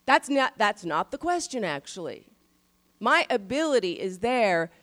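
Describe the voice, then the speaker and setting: A middle-aged woman pastor giving a sermon in a conversational style, stressing key phrases slowly. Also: mid-range voice, very animated, fairly bright tone.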